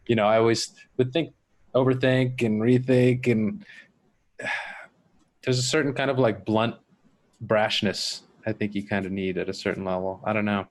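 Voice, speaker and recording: A man's voice: fairly low pitch, level tone, normal speed. Male podcast host, easygoing and reflective, overthinks on mic. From Miami area comedy scene. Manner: reflective, rambling, overthinks aloud. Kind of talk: casual chat.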